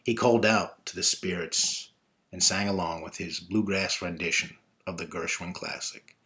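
Low-voiced man telling a personal story. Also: steady tone, normal speed, pushed and bright.

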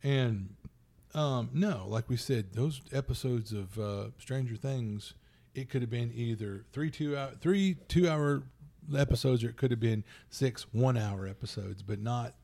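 A man co-hosting a podcast in casual, rambling chat, getting animated when he acts out quotes. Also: mid-range voice, unhurried, creaky. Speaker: podcast co-host.

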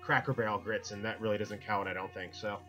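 A man's voice: fairly low pitch, steady tone, fast, a bit bright, faint music behind, rough recording. A middle-aged man from Connecticut, co-hosting a casual podcast roundtable, rambling and joking and cutting himself off mid-sentence. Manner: rambling, jokey, self-interrupting. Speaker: podcast co-host.

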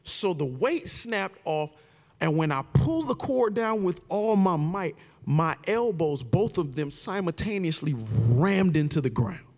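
A man in his forties preaching a sermon, telling a personal story with animated, shouted quoted lines. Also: high-pitched, unhurried, in a large hall. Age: 40s. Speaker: pastor.

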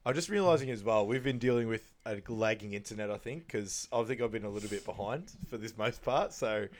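An Australian man co-hosting a casual film recap chat over an online call, slangy and quick to laugh. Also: lowish voice. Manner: laughs often, relaxed, slangy. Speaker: podcast co-host.

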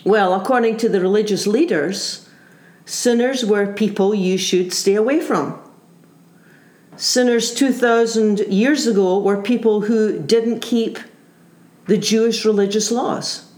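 A woman's voice: medium pitch, measured pace, a little mellow. A woman preacher giving an earnest sermon, full of rhetorical questions and repeated phrases. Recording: roomy echo.

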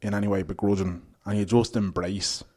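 An Irish man telling animated, laughing stories as a guest in casual podcast chat. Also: on the low side, a little fast. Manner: animated storyteller, laughs often.

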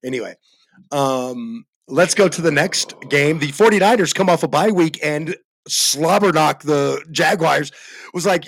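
A man's voice: a little high, lively intonation, a little slow, creaky, fairly bright tone, dry recording. A man co-hosting a sports podcast in loose, joking, profane casual chat. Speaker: podcast co-host.

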